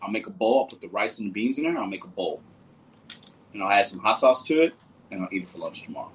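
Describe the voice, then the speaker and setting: Chill guy on a late night stream, lowish voice, calls everyone bro. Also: expressive, fast talker, breathy edge, poor audio. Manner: laid-back, joking, talks to viewers as brother and bro. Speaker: livestream host. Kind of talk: casual livestream chat reading comments.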